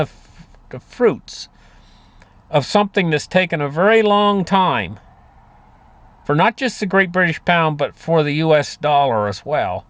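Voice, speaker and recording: Casting: man, folksy rambling commentator, animated pitch, dry close sound. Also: dry recording. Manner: rambling, folksy, many fillers and restarts. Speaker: market commentator. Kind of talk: casual monologue on finance.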